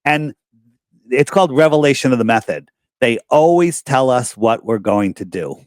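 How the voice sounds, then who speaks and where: Male podcast guest, mid-pitched, animated storyteller who acts out quotes, dry close-mic sound. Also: moderate pace, dry recording. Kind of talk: casual podcast conversation.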